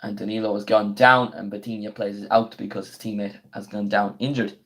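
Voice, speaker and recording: A young man, his voice going hoarse, chatting casually on a live football watchalong and breaking into excited play-by-play of the action. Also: fairly low pitch. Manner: chatty and slangy, bursts into quick excited play-by-play. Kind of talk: casual live stream chat with match commentary.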